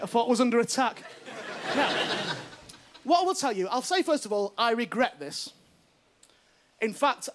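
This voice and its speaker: On a TV studio stage, amid loud audience laughter and background noise, a comedian with an extremely high voice performs a stand-up anecdote, voicing each of its characters himself.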